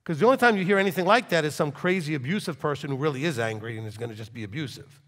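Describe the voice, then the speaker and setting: A man, a rabbi, preaching to a congregation with intense swings from loud forceful bursts to quiet low talk. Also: lively intonation, racing, long reverb tail. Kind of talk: sermon.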